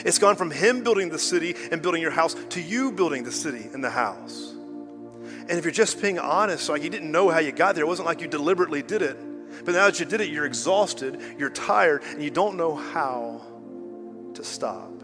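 A man preaching a sermon, his fairly high voice rising loud on key lines and dropping to near hush on others. He talks straight to the congregation, conversational between readings. The voice rings through a large reverberant hall with soft music beneath. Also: lively intonation, moderate pace. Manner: preaching with sudden swings between loud emphasis and hushed lows. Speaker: pastor.

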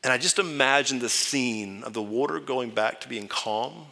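A man preaching a sermon as pastor, conversational and earnest, shifting between loud emphasis and hushed, near-whispered lines. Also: medium pitch, normal speed, gravelly, big-room sound. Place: church sanctuary.

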